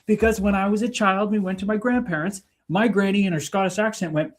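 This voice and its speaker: A man co-hosting a livestream, telling spiritual stories in an animated way that swings between loud and soft. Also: high voice, fast talker. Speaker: livestream co-host. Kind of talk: spiritual casual chat.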